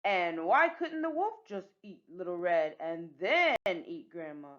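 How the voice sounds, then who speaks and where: A woman's voice: on the low side, big pitch swings, measured pace, fairly bright tone, lo-fi sound, voice pushed down. A woman voicing an eager, rule-following young girl in a storybook, earnest and chirpy.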